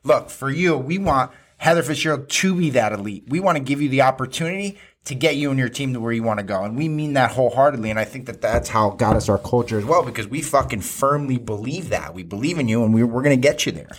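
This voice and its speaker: A man's voice: mid-range voice, lively intonation, fast, few pauses, breathy edge. Blunt, swearing man host. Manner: blunt, swears freely, repeats phrases. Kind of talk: casual interview chat.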